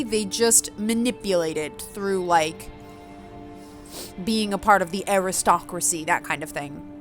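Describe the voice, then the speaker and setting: A woman's voice: lowish voice, measured pace, faint music behind. A woman playing a story game, reading it aloud and chatting casually, with a self-mocking manner. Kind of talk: casual game playthrough with read-aloud narration.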